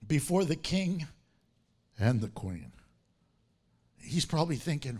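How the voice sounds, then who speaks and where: Male preacher, high and expressive voice, slow delivery, playful and animated storyteller. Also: breathy edge. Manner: animated, laughing, acting out the characters. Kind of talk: sermon.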